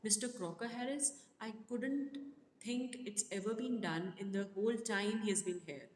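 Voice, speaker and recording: A woman's voice: medium pitch, moderate pace, a little mellow, slight background noise, natural voice. An anxious, dutiful schoolboy, read by a woman. The lines echo around a roomy classroom with a long reverb tail. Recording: echoey room with long reverb.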